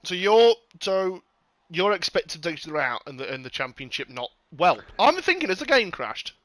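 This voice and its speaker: Bright, dry-voiced excitable man. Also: sits high, normal speed, no echo. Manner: excitable, sweary, jokey. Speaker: sim racing commentator. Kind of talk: casual live-stream commentary.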